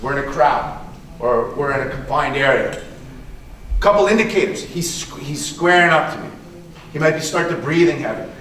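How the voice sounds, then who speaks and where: A martial arts instructor, animated and on the high side in pitch, speaks at a moderate pace with a slightly bright tone. He gives a conversational conference talk with a live demo, repeats himself, and checks in with "right?" a lot. The recording has a little hiss or hum, and the echoey hall picks him up from afar.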